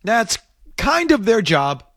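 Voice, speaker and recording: Sports radio host, male, lively pitch, dry close sound, blunt delivery. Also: slow pace, no echo.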